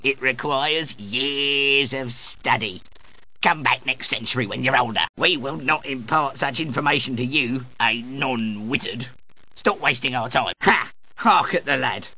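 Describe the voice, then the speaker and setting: A man's voice: mid-range voice, measured pace, bright, forceful tone, heavily acted. An actor playing a pompous older male wizard who hides behind a put-on West Country yokel accent, haughty and condescending. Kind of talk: computer game voice acting.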